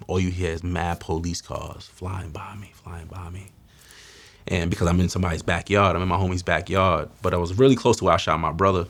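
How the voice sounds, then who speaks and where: A man recounts his past in candid, slangy street talk. His voice sits very low and gravelly, with plenty of fry. He often drops to a hushed, near-whispered tone when the story turns heavy. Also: flat delivery, a little fast. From Mount Vernon, New York. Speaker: guest telling his life story. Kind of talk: candid testimony.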